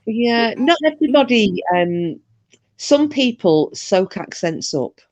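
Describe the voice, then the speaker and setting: A woman's voice: a little high, big pitch swings, takes it slowly, a little mellow, dry recording. A woman with a Northern English accent, originally from Scotland, hosting a casual chat and telling rambling stories with the odd swear word. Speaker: host.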